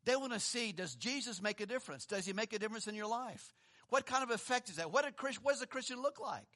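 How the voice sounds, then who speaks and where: A man's voice: very high-pitched, animated, fast talker. A man preaching a sermon in a conversational way, asking rhetorical questions, chuckling, and reading scripture aloud. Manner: reads scripture aloud, swings between emphatic and hushed. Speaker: pastor.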